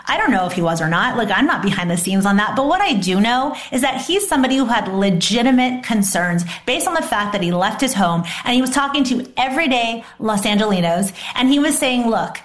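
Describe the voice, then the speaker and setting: A fired-up woman commentator, talking with emphatic conviction. Her voice sits a little high. The sound is echoey and roomy. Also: lively intonation, a little fast, hardly any pauses. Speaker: political guest commentator. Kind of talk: passionate political commentary.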